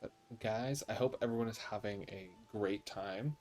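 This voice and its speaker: A man with an American accent streams a video game and chats casually and sassily with his viewers, reading the game's dialogue aloud. His voice is lowish and a little mellow, at a moderate pace.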